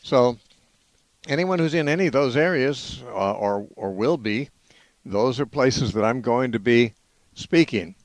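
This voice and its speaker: A man's voice: mid-range voice, lively intonation, measured pace, no echo. A man hosting a call-in radio show, talking in a rambling, hesitant way with many fillers. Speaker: radio host.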